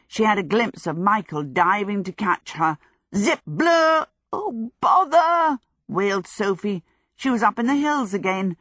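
A woman narrating a storybook in a measured, expressive way. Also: mid-range voice, no room sound. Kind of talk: audiobook narration. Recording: dry close recording.

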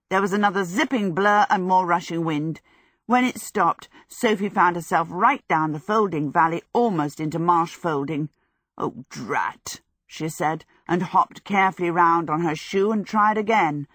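A woman narrating a storybook in a measured, expressive way. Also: lowish voice, dry recording. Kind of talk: audiobook narration. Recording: dry close recording.

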